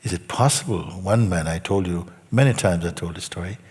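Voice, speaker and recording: Low husky man teaching in a hall. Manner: unhurried storytelling, soft asides dropping near a whisper. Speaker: spiritual teacher. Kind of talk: storytelling spiritual talk to a group.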